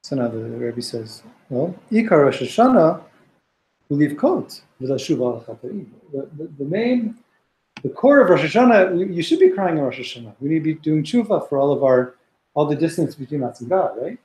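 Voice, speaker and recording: Guy teaching a text class, kinda high voice, reads the hebrew then explains it, lots of restarts, echoey room. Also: very animated, fairly quick, a little mellow. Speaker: Torah teacher.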